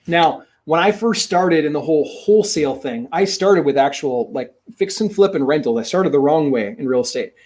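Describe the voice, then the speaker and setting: A man teaching real estate investing in a webinar, talking in an emphatic, energetic way and repeating his key points. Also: fairly high pitch, moderate pace, few pauses. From Minnesota.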